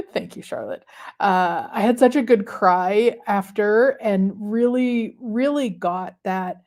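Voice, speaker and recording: Mellow-voiced woman reflecting heartfelt. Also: medium pitch. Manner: reflective and heartfelt, with many pauses and fillers. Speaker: host of a manifestation livestream. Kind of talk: casual live talk to viewers.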